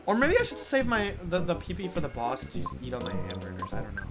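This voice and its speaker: Brief: lively, expressive woman streaming a game, game music playing under her. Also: low voice, fast talker. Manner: animated, swears a lot, yells at enemies. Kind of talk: casual live-stream commentary.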